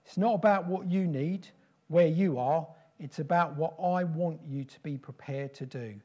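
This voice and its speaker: Mellow-voiced man preaching solemnly. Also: on the high side, dull audio. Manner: slow, solemn, repetitive declarations. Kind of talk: prophetic sermon.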